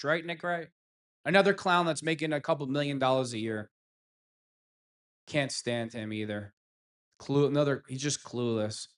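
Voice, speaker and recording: A man's voice: on the high side, fairly bright tone. A man hosting a fan reaction show, ranting heatedly and sarcastically at sports pundits. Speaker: sports commentary host.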